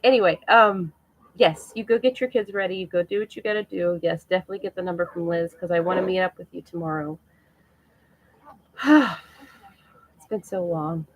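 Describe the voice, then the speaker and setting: A woman's voice: on the low side, normal speed, long pauses, no echo, low-quality recording. A middle-aged woman chatting casually and emotionally on a live stream to her viewers, laughing often.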